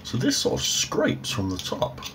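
A man's voice: unhurried, a bit bright. A man doing a casual food review vlog at home in a dry, offhand, self-mocking way, recorded on an overhead phone. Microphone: overhead phone camera. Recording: faint room noise, phone audio.

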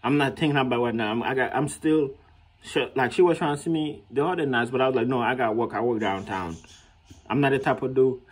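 A man vlogging in a casual storytelling way, animated and slangy, laughing often and acting out what others said in a raised voice. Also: mid-range voice, fast talker, breathy edge. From Haiti.

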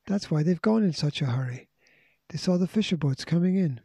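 Storybook tomboy girl, urgent and pleading, read by a man in a mellow, husky voice. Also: fairly high pitch, expressive, a little fast, no room sound, heavily acted. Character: determined anxious tomboy girl.

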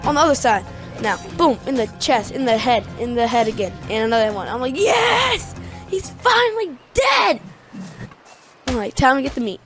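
A high-pitched woman talks through her gameplay in an excitable, casual way. She keeps retelling the action by quoting her own reactions, and music plays clearly behind her. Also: fast. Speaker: gaming video creator.

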